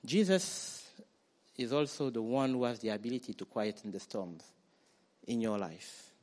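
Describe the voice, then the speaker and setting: A man preaching a sermon, animated, acting out quoted voices and building to loud declarations. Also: mid-range voice, normal speed. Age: adult parent.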